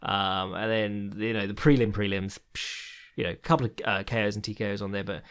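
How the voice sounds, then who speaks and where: A man's voice: lowish voice, level tone, fairly quick, a bit bright, smooth. A man hosting a podcast, talking casually, rambling with lots of ums and swearing freely. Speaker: podcast host.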